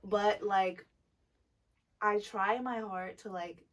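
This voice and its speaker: A young woman co-hosting a casual chat, telling stories animatedly with lots of swearing and loud bursts. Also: medium pitch, takes it slowly, recorded from a distance. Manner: animated, profane, loud bursts when retelling anger. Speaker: podcast co-host, dancer.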